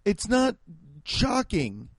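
A man's voice: high voice, wildly swooping pitch, extremely slow, breathy edge, dry recording. A man from the Midwest, a podcast host and stand-up comedian, talking in a casual, rambling, sarcastic monologue full of swearing. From American Midwest.

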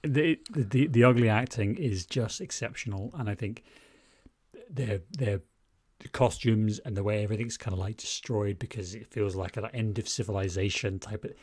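Lower-voiced teasing man. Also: moderate pace, a little mellow, husky, no room sound. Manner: wry, teasing, swearing. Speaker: podcast co-host. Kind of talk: casual film-review chat.

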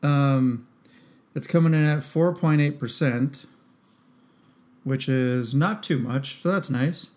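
A man's voice: medium pitch, slow, long pauses, darkish tone. A man co-hosting a podcast in casual chat, easygoing and playful. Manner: easygoing, playful, laughs along. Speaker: podcast co-host.

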